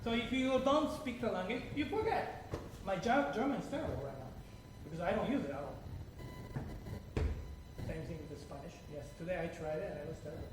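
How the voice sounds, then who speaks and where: A high-voiced man with a non-native English accent leads a piano masterclass. He drifts between examples and keeps checking in with rhetorical questions. He is heard from across a very echoey room with a clear wash of noise. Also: animated, a little fast, pauses often, recorded from a distance. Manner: chatty, digressive, asks rhetorical questions. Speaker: piano teacher hosting a masterclass.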